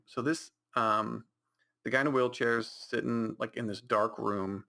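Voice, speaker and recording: A man's voice: on the low side, fairly even intonation, normal speed, gravelly, bright, forceful tone. A man hosting a podcast, rambling through a mocking recap of a movie with many restarts and put-on reactions. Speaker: podcast host.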